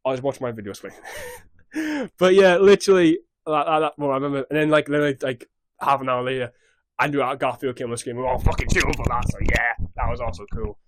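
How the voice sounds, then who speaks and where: A man's voice: mid-range voice, fast. A young man casually recapping a show on his vlog in a scattered, rambling way, swearing freely. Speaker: YouTube recap host.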